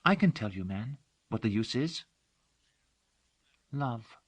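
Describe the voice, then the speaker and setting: A man's voice: mid-range voice, expressive, slow pace, no echo, voice pushed up. A man reading an audiobook, voicing a devoted young female servant who talks earnestly and dotingly. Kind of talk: audiobook character voice.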